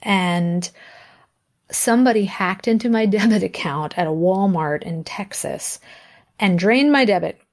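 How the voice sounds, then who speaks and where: A woman in her thirties, a musician guest in an interview, telling a story in a lively way, laughing often and acting out the things people said. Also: medium pitch, measured pace.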